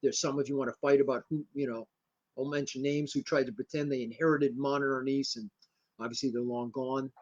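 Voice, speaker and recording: An older man from Connecticut, a martial arts grandmaster, telling rambling, animated anecdotes in a casual interview. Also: mid-range voice, brisk, dull audio. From Connecticut, USA.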